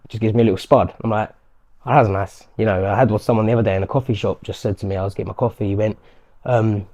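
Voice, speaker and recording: A fast-talking man chats casually in an interview, a professional fighter telling stories. His voice sits low and dark, mellow rather than bright. He keeps slipping into quick impressions of strangers. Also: steady tone. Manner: chatty, acts out quotes of strangers. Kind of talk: casual chat.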